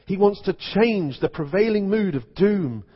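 A man's voice: high-pitched, expressive, measured pace, breathy edge. A man serving as vicar, preaching a sermon in a conversational storytelling manner. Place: church. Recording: dull recording in echoey church.

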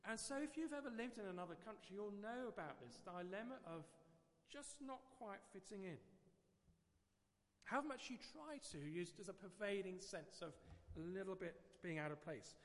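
A middle-aged Englishman delivers a sermon in a loose, conversational way, doubling back on his words. His voice sits high for a man. The sound rings with the long reverb of a church. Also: animated, normal speed. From England. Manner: conversational, digressive, repeats words. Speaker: preacher.

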